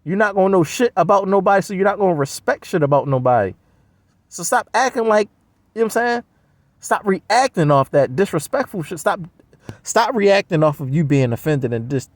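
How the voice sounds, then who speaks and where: A high-voiced man with a gravelly, fry-laden edge rants in a blunt, scoffing, profane way. The sound is close and dry, with no room in it. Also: no echo. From United States. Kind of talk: profane solo rant.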